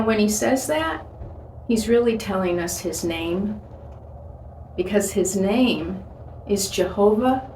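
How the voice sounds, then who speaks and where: A woman's voice: mid-range voice, darkish tone. A woman giving a short devotional talk, earnest and storytelling. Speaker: devotional speaker. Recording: echoey room, voice from a distance, faint hiss.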